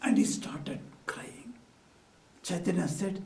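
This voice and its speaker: Brief: male swami, storytelling sermon, high voice, roomy echo. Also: animated, unhurried, gravelly, long pauses, darkish tone. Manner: storytelling with rhetorical questions, non-native phrasing. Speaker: swami giving a spiritual talk. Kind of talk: devotional talk. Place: hall at a Vedanta society. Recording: echoey room, mic at a distance.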